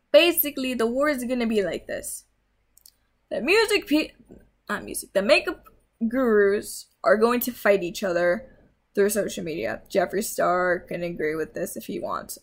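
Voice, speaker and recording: Young woman, tired, rambling casual rant, laptop mic. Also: mid-range voice. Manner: rambling, with fillers and self-corrections. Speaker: YouTuber ranting.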